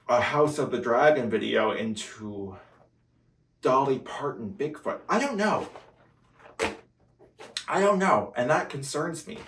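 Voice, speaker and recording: A man's voice: mid-range voice, a bit bright, roomy sound, recorded from a distance. A man, a comedy creator, signing off his video with rambling, self-mocking chat. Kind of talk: casual vlog outro.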